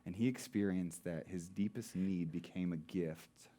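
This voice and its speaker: A married man who preaches as a pastor, posing rhetorical questions and slowing down for emphasis. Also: low voice, mellow. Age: adult, married. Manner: rhetorical questions, dramatic slowing on key words. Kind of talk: sermon.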